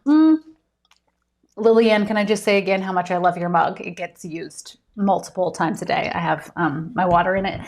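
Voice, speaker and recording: An author hosting a casual live stream from home, chatty and giggly with many ums. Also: female voice, on the low side, normal speed, a little mellow.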